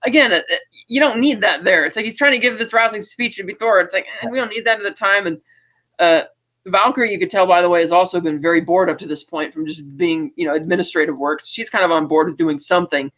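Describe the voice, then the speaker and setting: A man hosting a casual film review, retelling the plot in an animated way and acting out lines of dialogue. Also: high voice, fast talker, lo-fi sound. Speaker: podcast host, film reviewer.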